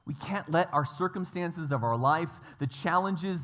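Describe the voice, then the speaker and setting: A man's voice: a little high, moderate pace, few pauses, fairly bright tone. A man preaching a church sermon, emphatic, stacking up repeated phrases and lists. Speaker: pastor.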